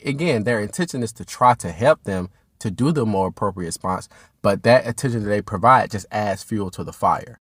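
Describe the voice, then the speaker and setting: Calm low-voiced man coaching parents. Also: no room sound, clean studio sound. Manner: calm, instructive, addresses parents directly. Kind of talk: direct-to-camera parenting advice.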